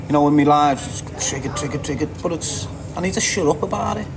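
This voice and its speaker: A man's voice: fairly high pitch, fast, background noise. Blunt, swearing Liverpool man. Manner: blunt, heavy swearing, frequent laughter. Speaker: livestream host. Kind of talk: casual livestream chat reading viewer comments.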